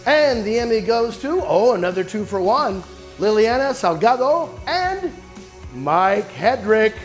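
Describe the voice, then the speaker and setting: A man's voice: sits high, very animated, a little slow, soft background music. A man hosting an awards show with dry, self-mocking jokes.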